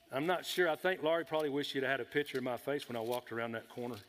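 In a church sanctuary, a middle-aged pastor with a high, bright, forceful voice tells a folksy story, addressing the congregation directly in a storytelling sermon. A long reverb from the large hall rings around him, with a little hiss or hum in the recording.

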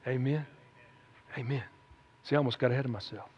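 A man's voice: medium pitch, fairly quick, a little mellow, breathy edge. A man preaching a sermon in a folksy, conversational way, often calling out "amen?" to the congregation. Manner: conversational, folksy, with frequent "amen?" call-outs. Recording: echoey hall, dull lo-fi sound.

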